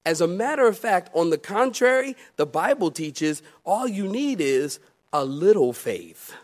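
A male pastor preaching a sermon, calling out to the congregation and swinging from soft, confiding asides to loud, emphatic declarations. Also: high voice, very animated, unhurried. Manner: calls out to the congregation.

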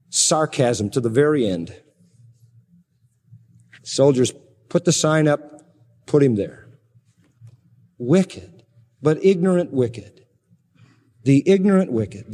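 A man's voice: on the high side, darkish tone. A man preaching an expository sermon, emphatic, swinging his voice up and down to stress points. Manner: emphatic, rising and falling for stress. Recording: reverberant hall.

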